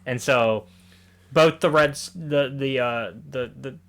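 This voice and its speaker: A man co-hosting a casual podcast about comics, animated and quick to laugh, often acting out the characters' lines and swearing casually. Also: mid-range voice. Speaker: podcast co-host.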